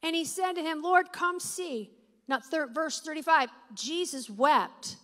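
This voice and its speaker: High, bright-voiced woman preaching. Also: measured pace. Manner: reads scripture aloud, questions the audience, builds to loud emphatic declarations. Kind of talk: sermon with scripture reading. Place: church or meeting hall with an audience. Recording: long hall reverb.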